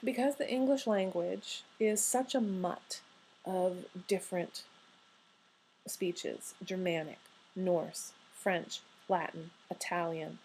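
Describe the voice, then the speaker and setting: A woman's voice: on the low side, fairly even intonation, takes it slowly, a little mellow, slight background noise, rough recording. A woman giving a recorded university grammar lecture, conversational and wry, often posing questions to her students.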